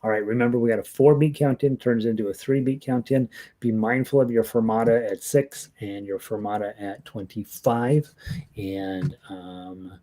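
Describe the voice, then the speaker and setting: A man's voice: lowish voice, fairly even intonation, moderate pace, dark tone. A man leading an amateur ukulele orchestra rehearsal, counting in, singing along and chatting with a self-deprecating laugh.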